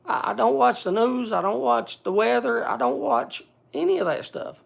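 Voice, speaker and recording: A man speaking bluntly to a group in casual talk, halting often and restarting his sentences. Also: very high voice, animated, vocal fry. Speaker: speaker addressing a group gathering.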